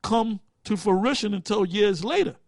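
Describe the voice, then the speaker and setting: Leading a group study in a casual preaching style, this man speaks unhurriedly with a high voice, lively intonation, and vocal fry. He talks bluntly using street slang and profanity, frequently losing a word and starting over while thinking aloud. The recording is dry.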